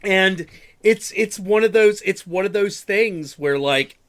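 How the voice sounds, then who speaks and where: A man hosting a live stream, telling animated casual stories with frequent swearing and stammered restarts. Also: high-pitched, takes it slowly. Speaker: show host.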